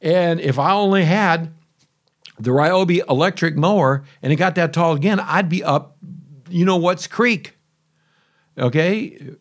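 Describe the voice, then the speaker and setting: A man's voice: a little high, unhurried, pauses often. A man telling a casual, rambling story to camera about testing a new mower, chatty and full of asides and grumbles. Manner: chatty, conversational, self-interrupting. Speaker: homeowner reviewing a lawn mower.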